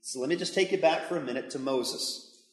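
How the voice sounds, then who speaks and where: A man's voice: fairly high pitch, fairly quick. A man preaching a sermon as pastor, conversational and emphatic, speaking in a church hall. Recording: echoey hall with long reverb.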